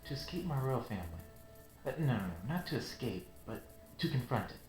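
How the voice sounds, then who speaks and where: A man's voice: mid-range voice, sing-song, a little fast, a little mellow, close to an everyday voice. A man reading as an earnest young woman knight. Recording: roomy with game music.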